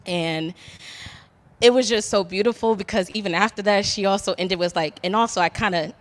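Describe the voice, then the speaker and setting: A young woman stands before a live audience and tells her own story in a candid, rambling way, laughing often. Her voice sits at an ordinary middle pitch. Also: normal speed, fairly bright tone. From Detroit. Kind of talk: personal storytelling. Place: barbershop.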